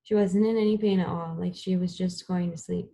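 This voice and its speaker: A woman reading the lines of a grieving father who speaks quietly and gently. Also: fairly low pitch, steady tone, a little fast, vocal fry. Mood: gentle. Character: grieving father calmly telling of the family dog's death.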